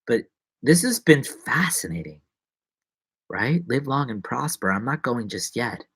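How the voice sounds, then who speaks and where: A man's voice: sing-song, measured pace, a bit bright, husky. A man chatting casually and rambling playfully on a solo livestream. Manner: rambling, playful, drops to whispers and jumps to squeaky voices. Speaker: livestreaming vlogger.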